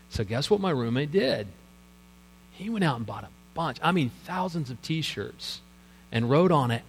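A middle-aged male pastor preaches in a big, echoing sanctuary, his slightly high voice ringing off the walls over a faint electrical hum. He tells stories casually and laughs at his own jokes. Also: big pitch swings, moderate pace, fairly bright tone. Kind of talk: sermon. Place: church sanctuary. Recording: live hall with long reverb and mains hum.

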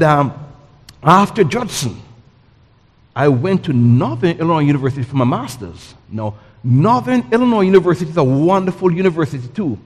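A middle-aged man from Jamaica, preaching a sermon with lively, story-driven delivery. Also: on the high side, slightly rough, long reverb tail. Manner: animated storytelling, acts out voices and sounds.

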